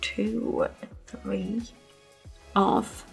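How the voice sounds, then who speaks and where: Her medium-pitched, gravelly voice stays level, with drawn-out words over soft background music. A chatty nail technician and channel host from the English Midlands with a slight lisp, she explains the steps as she works through a nail tutorial.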